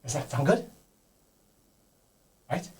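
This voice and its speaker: A man voicing a timid male kobold who speaks in halting, broken phrases, eager to please. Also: darkish tone, recorded from a distance, natural voice, low-quality recording. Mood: nervous, pleading.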